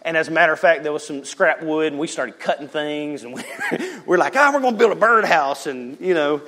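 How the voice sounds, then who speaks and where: Animated storytelling male pastor. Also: fairly high pitch. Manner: animated storyteller with joking asides and quick restarts. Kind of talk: conversational sermon with personal storytelling.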